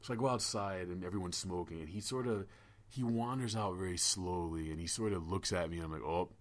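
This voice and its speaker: A man's voice: sits low, brisk. A man hosting a casual podcast, telling stories in a rambling way with stammered restarts and swearing. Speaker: podcast host. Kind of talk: casual podcast chat and storytelling.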